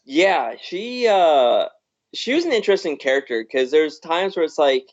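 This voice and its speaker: A man's voice: fairly high pitch, very animated, moderate pace. A man co-hosting a podcast, rambling through his points about a film with restarts and "you know"s. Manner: rambling, restarts, frequent laughs. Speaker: podcast co-host. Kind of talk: casual film review chat. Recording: muffled lo-fi live stream audio.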